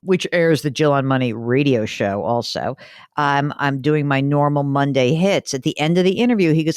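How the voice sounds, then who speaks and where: A middle-aged woman hosting a show, chatting and telling stories in a casual, animated way. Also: very deep voice, a little fast, no echo, clean studio sound. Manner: chatty, animated storytelling with laughs. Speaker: host. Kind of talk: casual chat.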